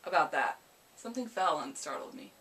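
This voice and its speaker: A woman's voice: deep voice, very animated, fairly quick, fairly bright tone. A young woman from America chatting casually to camera about library books, rambling and playfully dramatic. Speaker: book vlogger. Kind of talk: casual book chat to camera.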